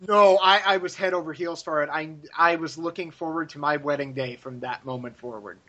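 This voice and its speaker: A man's voice: on the high side, a little fast, pushed and bright. A man co-hosting a podcast in casual chat, effusive and gushing, swearing freely. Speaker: podcast co-host.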